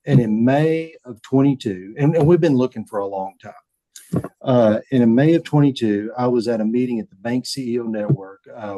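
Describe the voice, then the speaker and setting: A man, a bank chief telling stories in a relaxed interview, folksy and often repeating words as he acts out quotes. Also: fairly low pitch, dry recording, low-quality recording. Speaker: bank CEO, podcast guest. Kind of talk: casual storytelling interview.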